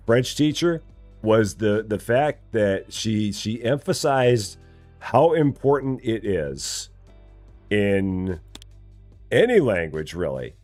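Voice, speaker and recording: Man, game streamer, low voice, jumpy lively intonation, rambling jokes, faint game music behind. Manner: jokey, rambling, laughs often, lively swings in pitch. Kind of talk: casual gameplay live stream chat.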